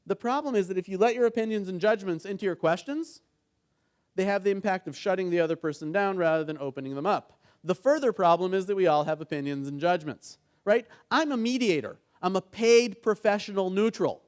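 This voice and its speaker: A middle-aged man with a fairly high voice leads a conference workshop on negotiation. He talks to the room in an engaging way and acts out the dialogue in his stories. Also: fairly quick, clear, resonant tone. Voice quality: engaging, keeps asking the audience "right?". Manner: animated storytelling, acts out quoted dialogue. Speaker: negotiation trainer and mediator.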